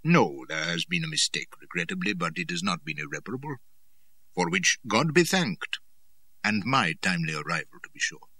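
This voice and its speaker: A man voicing a stout, genial chieftain who speaks mildly and politely, with quiet menace beneath. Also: low-pitched, expressive, moderate pace, no room sound, recorded from a distance, heavily acted. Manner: mild, smooth, polite, cheerfully ironic.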